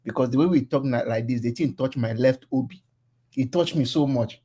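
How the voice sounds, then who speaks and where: A man's voice: mid-range voice, fairly quick, warm tone, husky. A man with a Nigerian accent talking earnestly in a casual online political discussion, slipping into Pidgin phrases. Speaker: caller.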